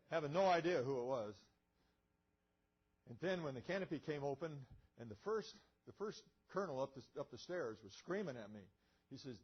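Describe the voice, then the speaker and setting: A man's voice: medium pitch, animated, fairly quick, slightly rough, lo-fi sound. An older man, a retired pilot, telling a story in a museum lecture. He acts out the dialogue and often chuckles. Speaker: guest speaker, retired pilot.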